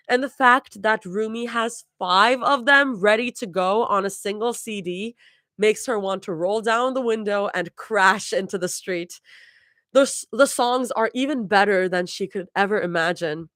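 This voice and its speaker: A woman's voice: mid-range voice, a bit bright, dry recording, clean studio sound. A woman reading her fan fiction aloud live, chuckling and restarting words as she goes. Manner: laughs and restarts while reading. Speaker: fanfiction reader.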